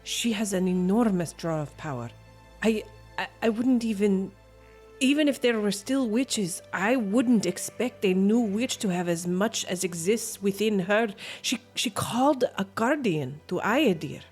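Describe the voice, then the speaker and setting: Woman as a wise elder witch, grave and measured, slow delivery. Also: medium pitch, animated, a little mellow, faint music behind, lightly acted. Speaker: game master voicing a character.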